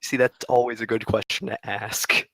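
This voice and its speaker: Man, lower pitch, plain matter-of-fact player, dry. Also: flat delivery, moderate pace, vocal fry, bright, forceful tone, no room sound, low-quality recording. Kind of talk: casual tabletop play.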